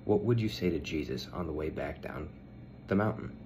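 A man asking children simple questions about a Bible reading in a calm, plain way. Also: extremely low pitch, normal speed. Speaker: Sunday school teacher. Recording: noisy background hiss.

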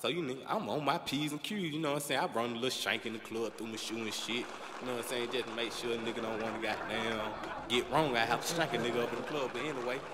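A young man performing a live stand-up set, telling a profane story in an animated way and saying "you know what I'm saying" constantly. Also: mid-range voice, fast talker, background noise. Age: young adult. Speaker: stand-up comedian. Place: comedy club stage. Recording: echoey live room, loud ambience.

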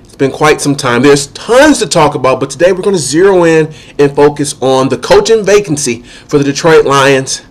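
A man's voice: on the high side, expressive. A man with a cold and a nasal voice, giving methodical opinion commentary on football as an analyst. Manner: measured, methodical, lists points one by one.

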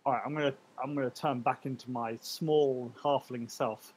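A man's voice: medium pitch, steady tone, moderate pace, a little mellow, husky, low-quality recording. Playful man playing a tabletop game. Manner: hesitant, playful. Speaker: player. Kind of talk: casual tabletop play.

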